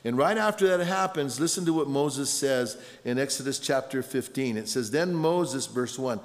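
A middle-aged man preaching a sermon as a pastor, telling stories in an animated way. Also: mid-range voice, moderate pace, few pauses. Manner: storytelling, animated with shouted punchlines. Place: large conference hall. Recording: long hall reverb.

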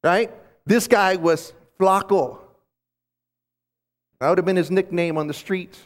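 Male conference preacher, slightly raised pitch, lively halting delivery, long hall echo. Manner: animated storytelling with frequent restarts. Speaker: conference speaker teaching scripture. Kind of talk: sermon.

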